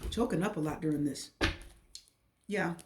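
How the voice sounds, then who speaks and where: A woman's voice: low voice, moderate pace, background noise. A woman giving a casual, repetitive and emotional tarot reading. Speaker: tarot reader.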